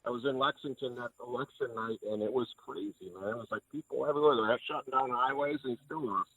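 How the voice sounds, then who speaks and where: Fast-talking, husky middle-aged male caller. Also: mid-range voice, fairly bright tone, no room sound. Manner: chatty and joking. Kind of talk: call-in chat. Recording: muffled phone-in audio.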